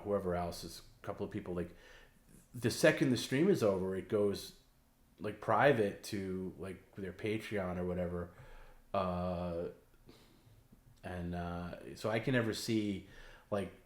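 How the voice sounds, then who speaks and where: Low-voiced rambling male host. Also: animated, normal speed, long pauses, roomy sound. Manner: rambling, heavy with filler words and restarts. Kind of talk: casual late-night stream chat.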